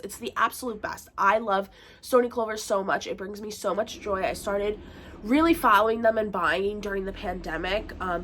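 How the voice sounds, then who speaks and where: A woman's voice: medium pitch, a bit bright, slight background noise. A young woman talks through a casual vlog from her bedroom, her voice stuffy and nasal from a bad cold. She rambles in a chatty way, dropping fillers as she goes. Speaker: vlogger. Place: bedroom at home.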